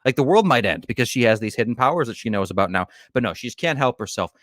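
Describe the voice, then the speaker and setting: A man co-hosting a casual chat about a TV show, ranting in an exasperated, animated way. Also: medium pitch, quick pace, no echo, clean studio sound. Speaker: podcast co-host.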